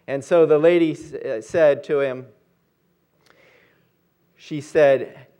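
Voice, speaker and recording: Male pastor, high-pitched, earnest sermon delivery. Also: fairly even intonation, slow, long pauses, mellow, smooth. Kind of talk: sermon with prayer and storytelling.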